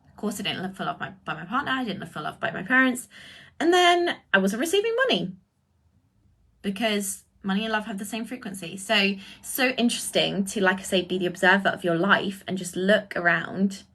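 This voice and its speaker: A woman acting as a spiritual coach, talking in a casual livestream and answering viewers' comments, with effusive, drawn-out exclamations. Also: medium pitch, big pitch swings, gravelly, a bit bright. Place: indoors, live video stream.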